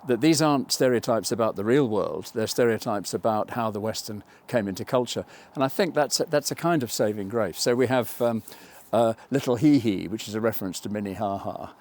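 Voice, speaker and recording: An older man with a somewhat low voice reflects in a documentary interview. He talks in a thoughtful, digressive way, often stopping to correct himself as he works out a point. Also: fairly quick, few pauses, darkish tone. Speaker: film writer and interviewee.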